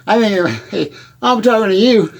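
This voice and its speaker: A rambling, stammering country bumpkin, played by a man, tells folksy small-town tales in a comedy monologue. His voice sits high and keeps repeating and restarting words. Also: lively intonation, moderate pace, creaky, exaggerated voice. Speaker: comedy character host.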